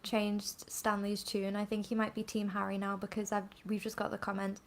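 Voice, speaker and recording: A woman's voice: medium pitch, completely flat delivery, normal speed. A woman co-hosting a casual live stream, wry and playfully dry. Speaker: co-host.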